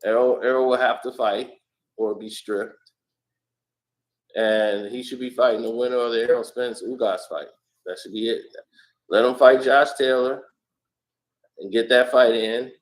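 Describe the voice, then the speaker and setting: A man being interviewed, telling stories in a casual, animated way. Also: medium pitch, normal speed, pauses often, low-quality recording. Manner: animated, lively storyteller. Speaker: interview guest. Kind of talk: casual storytelling.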